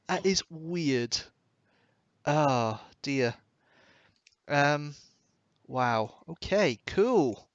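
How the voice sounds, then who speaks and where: A man's voice: fairly high pitch, slow pace, a bit bright, no echo. A man from Scotland hosting a casual livestream, chatty and exclamatory as he reacts to viewer comments. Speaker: livestream host. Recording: slightly dull lo-fi stream audio.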